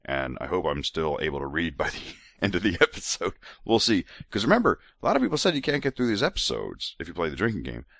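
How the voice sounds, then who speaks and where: A tipsy man hosts his podcast in a loose, rambling monologue, laughing and restarting his sentences. His voice is very deep and gravelly, yet it swings widely in pitch, and the recording is close and dry. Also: huge pitch swings, quick pace, hardly any pauses, a bit bright, no room sound. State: tipsy from drinks. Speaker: podcast host.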